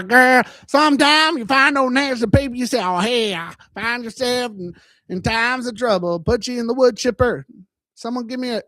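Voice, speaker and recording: Man, high-pitched, dry room, playful, rambling livestream host. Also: bright, forceful tone, no room sound. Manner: playful and rambling, jumping into silly bits. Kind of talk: casual livestream chat.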